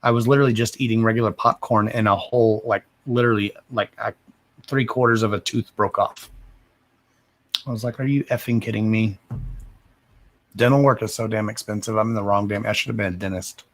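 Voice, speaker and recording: A man in his thirties with a somewhat low voice who mumbles his words. He talks in a loose, rambling, foul-mouthed way, like someone chatting live to viewers while reading cards. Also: steady tone, brisk. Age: 30s. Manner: profane, rambling and self-deprecating. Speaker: card reader. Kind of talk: casual livestream chat.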